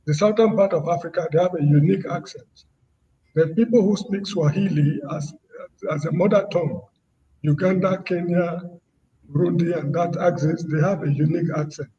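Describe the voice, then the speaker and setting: A man's voice: fairly high pitch, moderate pace, warm tone, big-room sound, distant mic, highs cut off, slight background noise. A man who is a guest on a panel talk show, making his case emphatically and arguing back. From Nigeria. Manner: emphatic, argumentative.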